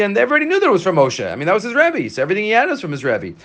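Man giving a lively Talmud class. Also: sits high, fast, hardly any pauses. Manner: reads Aramaic lines then explains them in English, with many restarts. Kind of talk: casual Talmud lesson.

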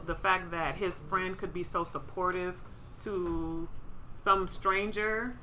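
Bright-voiced woman chatting bluntly. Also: lowish voice, slight background noise, rough recording. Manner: blunt, laughs often. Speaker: podcast co-host. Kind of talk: casual chat.

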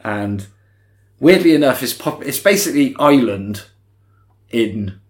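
Recapping a film scene by scene, a male podcast co-host chats casually and acts out moments in quoted voices. His medium-pitched voice is expressive and a touch slow, suited to this relaxed film-review talk.

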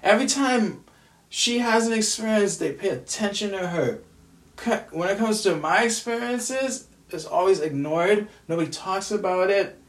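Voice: mid-range voice, moderate pace. Bitter, profane ranter in a roomy echo. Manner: bitter, profane, repetitive venting. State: exhausted and upset. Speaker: aspiring screenwriter venting. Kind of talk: emotional solo rant to camera. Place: at home indoors. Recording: roomy echo, distant from mic.

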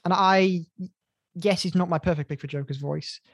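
Measured podcast co-host, dry mic. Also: medium pitch, no echo. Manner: measured, stumbling restarts, teasing. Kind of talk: casual film review chat.

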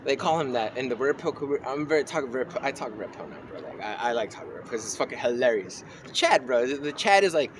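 Fast-talking rambling man, street noise. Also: mid-range voice, lively intonation. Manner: rambling, restarts often, slangy and profane. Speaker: podcast co-host. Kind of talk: casual storytelling chat.

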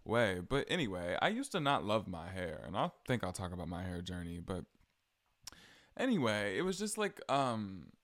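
A man's voice: sits low, big pitch swings, normal speed, fairly bright tone, dry recording, clean studio sound. A young man with a Southern accent, chatting casually on his solo podcast with frequent ums and likes. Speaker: podcast host.

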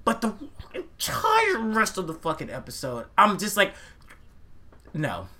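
Man, podcast co-host, high and very bright tone, loose profane rants. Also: moderate pace. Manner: animated, profane ranting with acted-out quotes. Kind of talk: casual chat, anime review.

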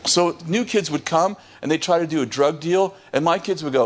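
A man who is a pastor, telling a lively story on a podcast, laughing often and restarting his sentences. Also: on the high side, moderate pace.

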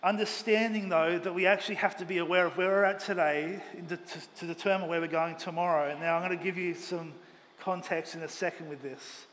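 A pastor preaching a Sunday sermon with earnest, emphatic delivery, speaking in a church auditorium. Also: male voice, sits high, steady tone, a little fast, a bit bright. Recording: long hall reverb, faint ambient noise.

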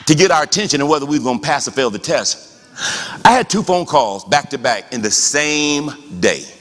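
A man preaching a sermon as pastor, talking conversationally with rhetorical questions and rising to shouts. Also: medium pitch, long reverb tail.

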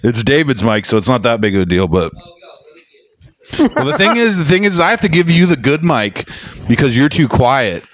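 A loud, brash young man co-hosting a podcast, cracking crude jokes in casual banter on a studio mic. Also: medium pitch, lively intonation, brisk. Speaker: podcast co-host.

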